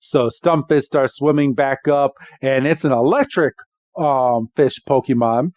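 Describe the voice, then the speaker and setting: A man's voice: mid-range voice, measured pace, darkish tone, no echo, highs cut off. A man co-hosting a podcast, recapping an episode in casual chat, chatty and laughing often with lots of filler words. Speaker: podcast co-host.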